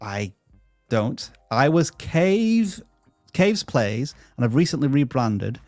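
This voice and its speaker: A man's voice: mid-range voice, sing-song, takes it slowly, darkish tone, no room sound, faint music behind. Upbeat man hosting a live stream. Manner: upbeat, chatty, stumbles over names. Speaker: livestream host reading viewer questions. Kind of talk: live channel-review stream.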